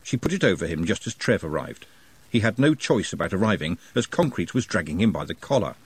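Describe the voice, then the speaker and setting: Guy reading an audiobook, lively and wry, husky, dry. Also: low-pitched, a little fast. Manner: expressive, wry. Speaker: audiobook narrator. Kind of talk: scripted narration.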